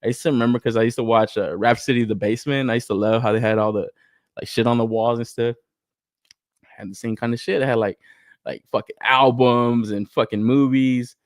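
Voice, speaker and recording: A man's voice: mid-range voice, fairly quick, no room sound, clean studio sound. A young man hosting a collector podcast in casual chat, swearing freely, laughing often and getting worked up as he tells stories and reads chat messages. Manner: profane, laughs often, excitable storytelling. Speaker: podcast host reading live chat.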